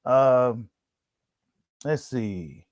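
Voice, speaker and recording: A man's voice: medium pitch, expressive, very slow, a little mellow, dry recording, studio quality. A man hosting a casual boxing commentary, slangy and full of fillers, who repeats himself and reads an article aloud to his viewers. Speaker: boxing channel host.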